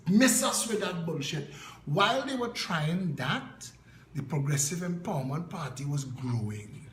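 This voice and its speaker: A Trinidadian political party leader gives an impassioned address, telling emphatic stories with punchy repetition. His voice is on the high side, expressive and a bit bright at a measured pace, captured in a reverberant, low-quality recording.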